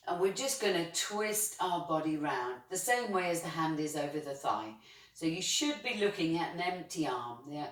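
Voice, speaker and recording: Gentle encouraging woman yoga teacher, roomy. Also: lowish voice. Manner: gentle, encouraging, frequent praise. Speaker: chair yoga instructor. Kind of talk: guided movement class. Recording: roomy sound from a distance.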